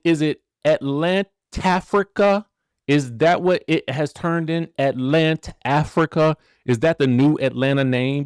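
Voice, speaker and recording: A man hosting a casual celebrity gossip commentary, animated and rhetorical, who keeps asking the viewers questions and checking in with them. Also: mid-range voice, no echo, clean studio sound. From rural area. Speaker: gossip show host.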